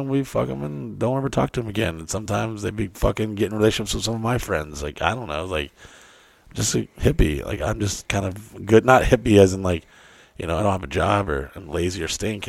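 A man's voice: fairly low pitch, vocal fry, no echo. A young man in casual chat, telling crude stories in a rambling, loose way.

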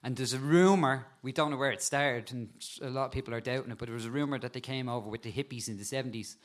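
A man with an animated way of telling stories, a guest talking casually about insects and spiders and laughing at times. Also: mid-range voice, quick pace. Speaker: guest, insect and frog expert. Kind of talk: casual storytelling chat.

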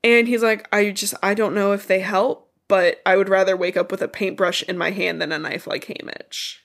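A woman whose voice is thick with congestion, her nose stuffed up. She retells a book in loose, chatty podcast talk, cursing casually. Her pitch sits in a middling range. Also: fairly even intonation, normal speed. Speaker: podcast co-host.

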